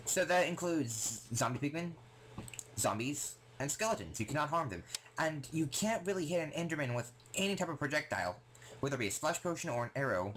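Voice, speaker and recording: Rambling, excitable young man. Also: medium pitch, a little hiss or hum. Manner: rambling, excitable, full of fillers. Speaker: gaming vlogger. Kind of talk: casual rambling vlog talk.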